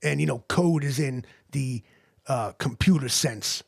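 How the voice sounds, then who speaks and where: A man's voice: mid-range voice, a little slow, creaky, slightly rough. A man rambling through an improvised comedy livestream, crude and loose, leaning on "like" and "you know".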